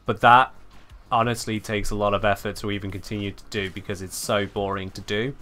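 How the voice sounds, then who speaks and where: A male game streamer giving live commentary, speaking with sweeping highs and lows like an old-time radio host. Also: little pitch movement, brisk, sharp tone, soft background music.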